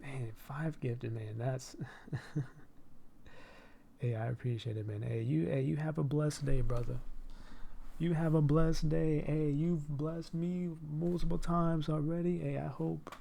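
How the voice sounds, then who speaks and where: A man's voice: on the high side, steady tone, unhurried, gravelly, mellow. A man hosting a live stream and podcast in casual chat, effusive, often repeating "hey" and "my dude" and laughing between phrases.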